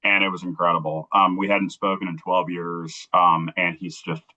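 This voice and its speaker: Low-voiced, earnest man telling his story. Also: level tone, normal speed, pushed and bright, low-quality recording. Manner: earnest, heartfelt storytelling that acts out remembered dialogue. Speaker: interview guest. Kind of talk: telling a personal story on a livestream.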